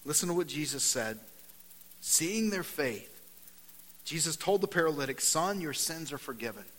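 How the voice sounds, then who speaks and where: A fairly high, bright male voice delivers a casual, conversational sermon as a pastor, peppered with "man" and "right?". He moves from hushed earnest asides to loud, animated scripture reading, and a long reverb rings around him in a church hall. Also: moderate pace. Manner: conversational preaching, often saying "man" and "right?".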